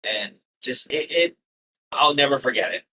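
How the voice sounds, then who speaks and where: A man's voice: medium pitch, animated, normal speed, sharp tone, slight background noise, poor audio. A man in his twenties co-hosting a casual motorsport podcast, talking earnestly and conversationally. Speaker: podcast co-host.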